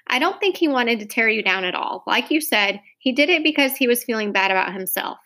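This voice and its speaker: A woman's voice: a little high, expressive, a little fast, pushed and bright. A woman reading a mother's lines in a storybook, firm and coaxing with her daughter. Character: mother, middle-aged woman, lively and stern.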